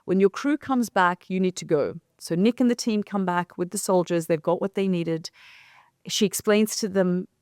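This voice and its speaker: A woman's voice: lowish voice, normal speed, a little mellow, clear, resonant tone, no room sound, studio quality. A woman co-hosting a conversation show, recounting a reporting trip and acting out the lines of the people she met. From came from London. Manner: vivid storytelling, quoting others in dialogue. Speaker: journalist and co-host. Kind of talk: casual storytelling conversation.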